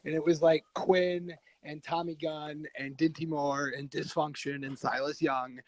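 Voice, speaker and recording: A man talking as a podcast guest, telling stories in a rambling, animated way, with frequent restarts and laughter. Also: a little high, unhurried, no room sound, rough recording. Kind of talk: casual storytelling.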